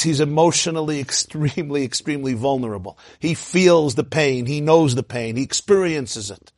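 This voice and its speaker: A man giving an animated lecture on Hasidic teaching as a Torah teacher, firing rhetorical questions and often laughing. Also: fairly high pitch, no echo, studio quality.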